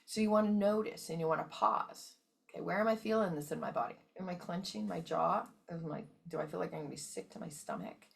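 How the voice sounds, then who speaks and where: A woman host gives a motivational wellness talk in a somewhat low voice with a gravelly edge. She is emphatic, keeps checking in with her listeners, and repeats key points to drive them home. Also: fast talker. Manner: emphatic, checks in often with okay and right.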